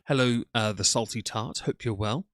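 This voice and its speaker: A man's voice: medium pitch, normal speed, a bit bright, no room sound. Rambling man hosting a dry live stream. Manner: chatty, rambling, with frequent ums and yawns. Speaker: livestream host. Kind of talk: casual live-stream chat, greeting viewers.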